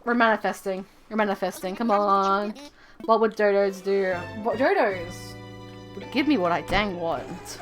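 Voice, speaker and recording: A woman's voice: mid-range voice, measured pace, soft background music. A woman streaming a video game live, chatting casually and rambling, often repeating her own phrases.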